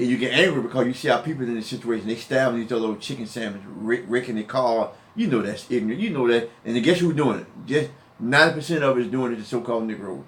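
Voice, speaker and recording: A man giving informal Bible teaching to his viewers, heated and emphatic, often repeating and restarting his words. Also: mid-range voice.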